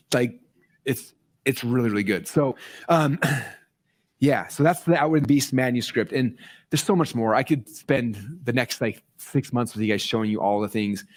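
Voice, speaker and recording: A man speaking excitedly to a live audience, rambling with many fillers and restarts, voicing quoted people in a raised voice. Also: medium pitch, normal speed. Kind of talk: excited casual presentation. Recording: played clip inside a commentary video.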